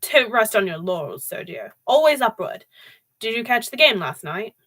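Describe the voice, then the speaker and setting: A woman doing a boastful, booming rich dad. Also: sing-song, normal speed, a bit bright, full character voice. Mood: blustering. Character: bold, boastful wealthy father with a booming laugh.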